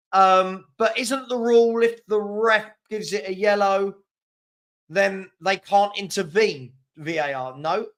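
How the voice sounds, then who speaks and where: High-voiced man hosting a watchalong. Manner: animated, reacts to live chat, chuckles often. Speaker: host of a football fan watchalong. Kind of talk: live watchalong chat and match reaction.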